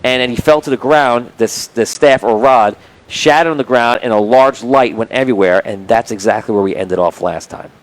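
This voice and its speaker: A man's voice: medium pitch, normal speed, poor audio. A man narrating a tabletop game as game master on a live stream, rambling with many restarts.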